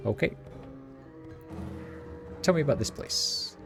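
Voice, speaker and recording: A man with a very low voice reads a game's lines aloud in a relaxed, offhand way, dropping in ums and uhs as he goes. Music plays clearly behind him. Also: moderate pace. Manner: reads every part in his own plain voice, with fillers. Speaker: streamer reading a game aloud. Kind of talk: casual reading of game text and dialogue.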